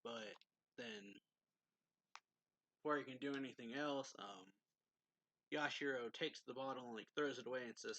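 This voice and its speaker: Bright-voiced chatty man reviewing. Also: mid-range voice, no room sound. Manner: loose and chatty, heavy use of "like" and "um", quick laughs. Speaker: manga reviewer. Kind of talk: casual plot recap review.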